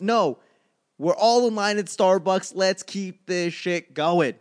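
A man performing stand-up comedy in a loose, ranting monologue. His voice sits a bit high for a man, and he talks in animated bursts broken up by fillers and restarts. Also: unhurried.

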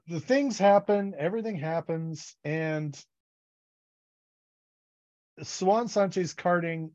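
A man's voice: on the high side, a little mellow, lo-fi sound. A man co-hosting a podcast, chatting casually about a book series and acting out characters' lines in funny voices. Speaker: podcast co-host.

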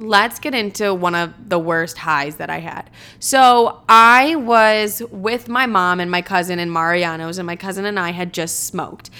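A young woman in her twenties telling casual, profane, animated stories about her own mishaps. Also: mid-range voice. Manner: animated, profane, dramatic storytelling. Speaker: storyteller. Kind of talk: casual storytelling vlog.

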